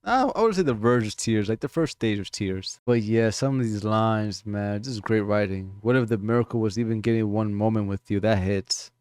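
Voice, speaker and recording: A man's voice: fairly low pitch, normal speed, hardly any pauses, a little mellow, smooth, no room sound. Laid-back man reacting to music. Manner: laid-back, talks to viewers, says "man" and "yo" a lot. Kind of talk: casual music reaction commentary.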